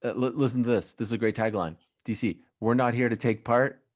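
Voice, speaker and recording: A man hosting a casual sports podcast, telling animated stories with restarts and wrapping up with sign-off announcements. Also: mid-range voice, fairly quick. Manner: animated storyteller, hesitant restarts. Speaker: podcast host.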